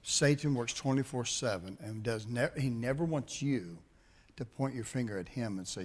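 Brief: middle-aged male pastor, mid-pitched voice, storytelling sermon, checks in with the room often. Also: moderate pace. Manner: animated storytelling, calls on the congregation.

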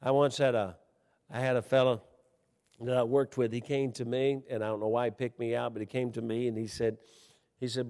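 A man preaching a sermon, animated and folksy, swinging between loud emphatic peaks and quiet asides, with chuckles and storytelling. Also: medium pitch, brisk. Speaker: pastor. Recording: long hall reverb.

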